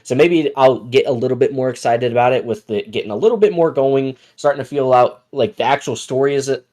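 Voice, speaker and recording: A man's voice: mid-range voice, a little fast, a little mellow. A man co-hosting a podcast, chatting casually and rambling with lots of fillers. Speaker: podcast co-host. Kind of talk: casual chat.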